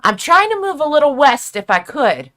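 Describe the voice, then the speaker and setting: Lively, bright-voiced woman stream host. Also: high-pitched, moderate pace. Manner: upbeat, laughs often, slangy. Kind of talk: casual live-stream chat.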